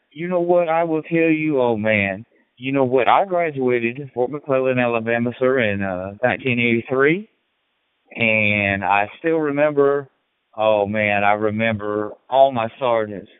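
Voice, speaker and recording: Over a tinny radio transmission, a sixtyish Illinois man with a faint Southern twang rambles folksily through casual chat on a ham radio net, using many fillers. His voice is medium-pitched and clean in tone, in a dry recording.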